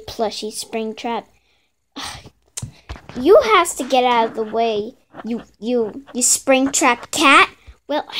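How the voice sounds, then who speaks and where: A woman's voice: on the high side, slight background noise. A woman improvising a playful, bickering skit, voicing a group of plush toys herself. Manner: playful, bickering, childlike banter.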